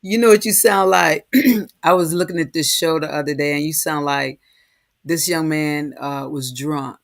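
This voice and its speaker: A co-host in a casual talk show, teasing and laughing quietly as they talk. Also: medium pitch, fairly even intonation, moderate pace, creaky. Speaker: podcast co-host. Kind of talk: casual conversation.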